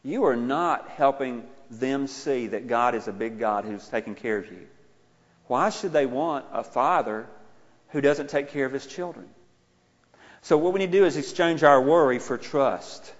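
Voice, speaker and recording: A middle-aged man preaching a sermon in a conversational, self-deprecating way, rising to loud exclaiming. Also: mid-range voice, unhurried. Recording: muffled, with a long hall reverb.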